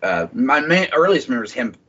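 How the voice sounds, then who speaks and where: Husky, rambling man on a podcast. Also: mid-range voice, very animated, quick pace, a bit bright. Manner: swearing, rambling storyteller. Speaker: podcast guest. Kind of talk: casual chat. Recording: dull lo-fi podcast audio.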